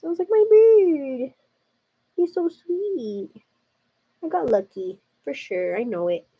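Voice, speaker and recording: A woman's voice: fairly high pitch, dull audio. A woman hosting a live makeup stream, chatting casually and confidingly to her viewers, calling them "girl" as she works. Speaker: livestream beauty host. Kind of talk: casual makeup tutorial chat.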